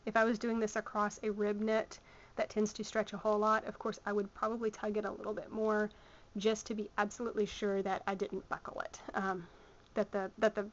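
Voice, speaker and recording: A woman with a Southern US accent, teaching a hands-on sewing tutorial in a chatty way with plenty of ums as she works. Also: mid-range voice. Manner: chatty, many ums, talks while working. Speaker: sewing instructor. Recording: muffled lo-fi home video sound.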